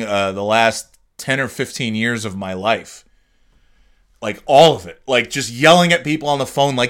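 A man's voice: mid-range voice, a bit bright. Profane, rambling male podcast host. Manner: ranting, profane, rambling with many restarts. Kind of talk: casual solo podcast monologue.

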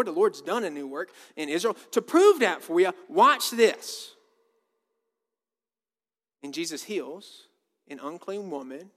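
High-voiced pastor preaching in a reverberant hall. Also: male voice, fairly bright tone. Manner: casual and conversational, repeats words. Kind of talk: sermon. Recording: long reverb of a church hall.

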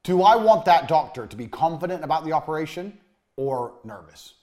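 Guy doing a business course lesson, blunt and sweary, keeps repeating stuff, trails off low at the ends. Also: animated, a little fast, a little mellow. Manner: blunt, swears, emphatic repetition. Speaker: course instructor.

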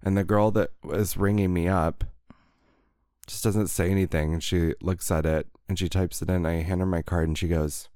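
A man's voice: low-pitched, fairly even intonation, moderate pace, dark tone, no room sound, studio quality. A man co-hosting a podcast, chatting casually and telling stories with sarcastic asides. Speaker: podcast co-host. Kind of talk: casual chat.

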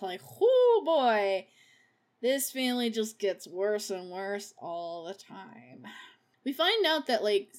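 A woman hosting a podcast, recapping a movie in a casual, profane way. She laughs often and gushes over the characters she loves. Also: medium pitch. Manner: gushing about favorite characters. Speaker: podcast host.

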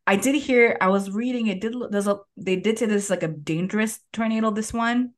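A woman's voice: mid-range voice, a little fast. A young woman co-hosting a podcast in casual chat, talking in a chatty, rambling way and calling herself anxious and risk-averse. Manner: chatty and self-described anxious, rambling with restarts. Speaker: podcast co-host. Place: father's home office.

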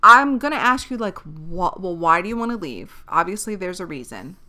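A woman's voice: on the low side, very animated, moderate pace, pushed and bright. A young woman hosting a podcast, talking casually and candidly like a big sister, rambling, correcting herself and swearing freely. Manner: chatty, rambling, self-correcting. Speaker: podcast host. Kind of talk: casual advice chat.

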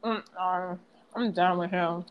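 A woman's voice: lowish voice, steady tone, takes it slowly, smooth, lo-fi sound, faint music behind. A woman hosting a casual chat, firing back sassy, dismissive comebacks. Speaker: host.

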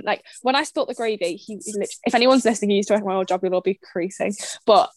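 A woman's voice: medium pitch, dry recording. A woman, chatting casually on a podcast and telling stories with plenty of swearing. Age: 20s. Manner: rapid, swearing, storytelling. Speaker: podcast co-host. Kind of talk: casual chat.

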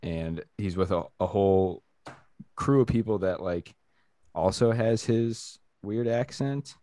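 A man's voice: on the low side, takes it slowly, warm tone. A man chatting casually on a podcast, rambling with lots of fillers and laughing at his own jokes. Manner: rambling, many "like"s and restarts, laughs often. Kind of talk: casual crude banter about a movie.

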